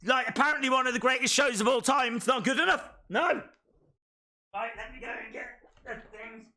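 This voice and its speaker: A man hosting a live reaction stream outdoors in a field, excitable and bursting into shouts. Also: very high-pitched, a little fast. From England.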